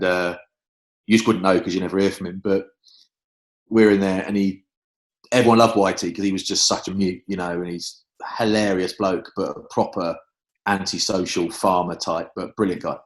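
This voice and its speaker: An English man and former rugby player, a guest in a casual interview, telling lively stories and swearing freely. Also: deep voice, moderate pace. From England.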